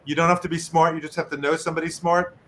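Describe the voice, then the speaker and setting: A man's voice: a little high, level tone, very fast, a bit bright, slight background noise. A middle-aged man, a medical correspondent co-hosting, chatting casually on a video call and reading donations aloud with joking asides.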